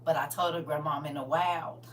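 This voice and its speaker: A woman ministering on a livestream, emotional and close to tears, swinging from loud preaching to soft near-whispers and calling listeners honey and y'all. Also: deep voice, fairly even intonation, fairly quick, recorded from a distance, a little hiss or hum. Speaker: online minister and livestream host.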